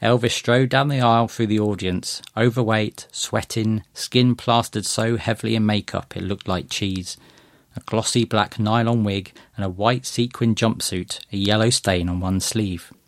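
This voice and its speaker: Man narrating a story, calm and measured, lowish voice, dead dry sound. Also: no echo. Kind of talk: first-person story reading.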